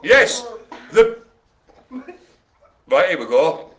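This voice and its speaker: Brief: man in his own voice as a jokey bingo caller, bright and forceful, with a slightly higher voice than most men. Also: very animated, drawn-out words. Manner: playful, teasing, theatrical asides. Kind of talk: jokey live online bingo calling.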